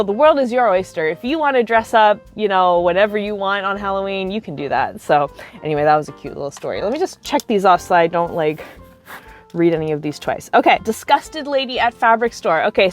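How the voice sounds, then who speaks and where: A young adult woman who makes cosplay videos tells casual stories to the camera, chatting away with plenty of likes and you-knows. Her voice is medium in pitch.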